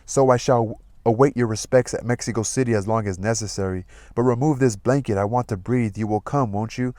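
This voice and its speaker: A man reading a novel aloud in a measured, expressive way. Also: medium pitch, no echo. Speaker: audiobook reader.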